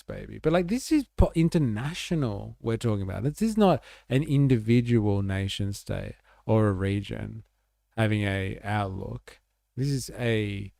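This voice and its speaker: A man's voice: fairly low pitch, vocal fry, mellow, no room sound. A man hosting a livestream, rambling through casual political commentary with sarcastic asides. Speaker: livestream host.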